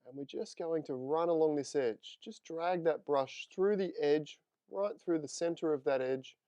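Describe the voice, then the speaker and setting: Upbeat male photo tutor, crisp clear voice. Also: a little high, moderate pace, dark tone, dry recording, lo-fi sound. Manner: friendly, chatty, talks to live viewers. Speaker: photography instructor. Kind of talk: live screen-share tutorial.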